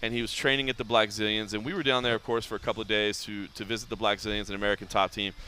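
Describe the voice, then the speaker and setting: A man's voice: lowish voice, very fast, a little hiss or hum. A man hosting a casual podcast, chatting and telling stories, often acting out quotes in a raised voice. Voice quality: animated storyteller, acts out quotes in raised voice. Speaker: podcast host.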